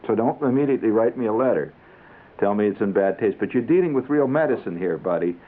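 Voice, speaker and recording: Brief: male radio storyteller, low voice, very animated delivery, tinny old broadcast sound. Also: quick pace. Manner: rambling, conversational, chuckling asides. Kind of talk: comic monologue.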